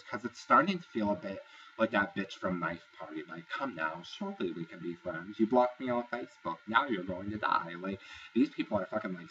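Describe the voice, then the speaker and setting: A man's voice: low-pitched, fairly bright tone, recorded from a distance, muffled recording, slight background noise. Chatty, profane man recapping a reality show. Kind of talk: casual review vlog.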